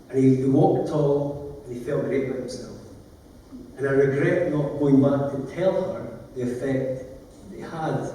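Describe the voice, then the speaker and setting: A man gives an emotional, plain-spoken conference talk, his mellow voice picked up from a distance. The long reverb of a large hall rings around every phrase, with faint room noise underneath. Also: medium pitch, moderate pace. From Scotland. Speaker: conference speaker, lawyer. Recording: echoey hall from far off.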